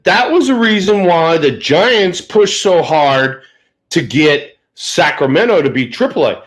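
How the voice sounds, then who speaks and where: A man's voice: fairly high pitch, fairly bright tone. A man, a former ballplayer co-hosting a casual sports chat and telling laid-back, salty anecdotes. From Louisiana. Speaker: co-host, former baseball player.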